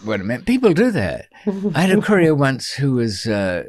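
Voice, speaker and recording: An older man telling stories as a guest in a studio interview, dry and wry, with frequent pauses and restarts. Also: medium pitch, wildly swooping pitch, darkish tone, no room sound. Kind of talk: storytelling in a long-form interview.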